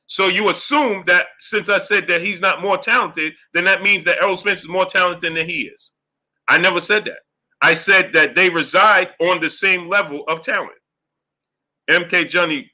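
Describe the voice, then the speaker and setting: Heated, bright-voiced man ranting on a live stream. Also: sits high. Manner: emphatic, argumentative, rhetorical questions. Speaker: boxing show host reading super chats.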